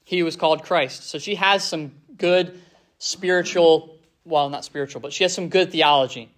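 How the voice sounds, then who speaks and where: A man teaching a Bible passage informally, reading verses and paraphrasing them in a relaxed, conversational way. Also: fairly high pitch, normal speed. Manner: conversational, paraphrases scripture in casual speech.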